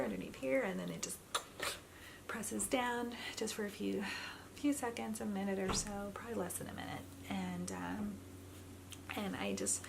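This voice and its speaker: Young woman, gravelly fry, chatty storyteller, faint hiss behind her. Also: mid-range voice, low-quality recording. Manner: chatty, many fillers, quotes others. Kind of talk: personal storytelling.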